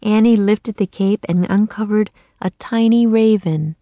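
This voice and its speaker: A woman narrating a children's storybook in a clear, steady storytelling voice. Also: medium pitch, unhurried, dry recording.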